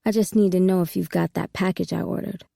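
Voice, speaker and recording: A woman's voice: lowish voice, steady tone, fast talker, creaky, warm tone, dry recording, clean studio sound. A woman voicing a cocky streetwise hustler. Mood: commanding. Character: smooth, confident male street hustler.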